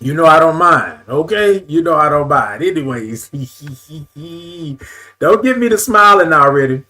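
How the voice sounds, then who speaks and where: A man with a slightly high voice chats through a morning live stream, greeting his viewers by name. He stretches his greetings into a sing-song and keeps repeating his phrases in a loose, friendly way. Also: expressive, measured pace, bright, forceful tone. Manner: casual, repeats phrases, says y'all. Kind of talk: casual live-stream chat.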